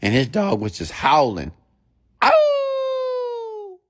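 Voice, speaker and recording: A man's voice: low voice, measured pace. A man giving a blunt, emphatic motivational sermon and telling a story to his audience. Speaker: motivational speaker.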